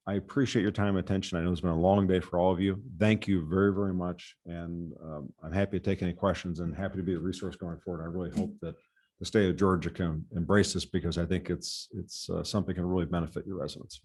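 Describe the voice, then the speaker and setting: A man with a notably low voice delivers prepared testimony before a committee. He speaks earnestly as a patient safety advocate from the US Midwest and often restarts on a repeated word. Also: steady tone, fast talker, darkish tone.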